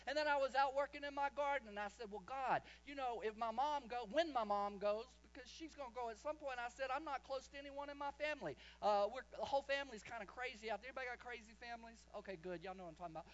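A man preaching a sermon, impassioned, slowing down and swelling his voice for emphasis. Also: high voice, animated, highs cut off.

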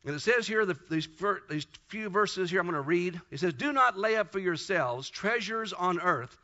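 A male pastor delivers a church sermon in a high, bright voice. He is emphatic and slows down to stress each verse he quotes. The recording sounds dull and lo-fi. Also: lively intonation. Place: church service.

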